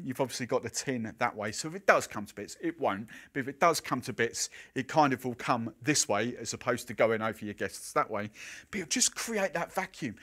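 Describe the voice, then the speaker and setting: A man's voice: fairly high pitch, fairly bright tone. A man, a professional bartender talking through a casual tutorial in a chatty, conversational way with plenty of fillers. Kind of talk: product demo and tutorial.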